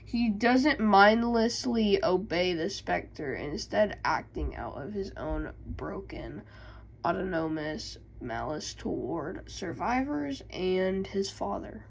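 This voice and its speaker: Slow, gravelly young woman YouTuber. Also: medium pitch, expressive, slight background noise, rough recording. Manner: halting, stumbles over words. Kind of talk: reading game lore with asides.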